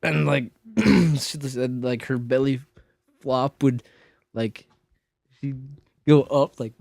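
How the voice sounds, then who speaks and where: A man's voice: mid-range voice, takes it slowly, creaky, a little mellow, dry recording. Rambling man telling a story, dry sound. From Minnesota. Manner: rambling, lots of "like" fillers, self-interrupting. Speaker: podcast co-host. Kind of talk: casual storytelling chat.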